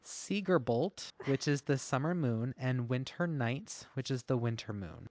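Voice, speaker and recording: A man's voice: medium pitch, lively intonation, moderate pace, darkish tone, dry recording. Podcast co-host, male, casual and self-mocking, dry close sound. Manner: self-deprecating, laughs often. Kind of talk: casual podcast chat, reading notes aloud. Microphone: masked while recording.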